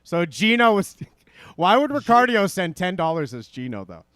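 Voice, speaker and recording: A man hosting a playful, animated livestream chat and reading donations aloud. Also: high voice, normal speed, clean tone, no room sound, studio quality. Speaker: podcast host.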